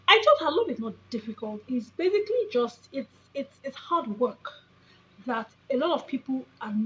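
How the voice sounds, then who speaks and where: A chatty woman in her thirties records a casual vlog on her phone, her voice sitting fairly high. She rambles and corrects herself, restarting sentences as she goes. A faint hum of room ambience sits behind her. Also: poor audio. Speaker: vlogger, mom of three. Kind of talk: casual talking-head vlog.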